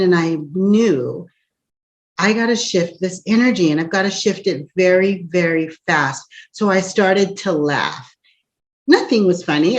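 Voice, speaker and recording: A young woman, an empath coach, telling a personal story in an animated way with frequent laughs and asides. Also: on the low side. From United States. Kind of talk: storytelling encouragement talk. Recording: dull lo-fi recording.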